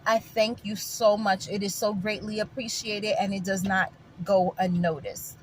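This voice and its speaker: At a measured pace and steady tone, a medium-pitched woman with a New York accent vlogs to her viewers, with slight background noise behind her. The New Yorker is opinionated and casual, emphatic and repetitive, and calls her audience guys.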